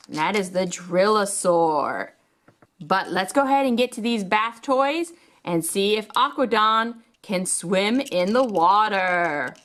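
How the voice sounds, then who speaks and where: Slow, singsong woman narrating toy play. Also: medium pitch. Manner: animated, storytelling.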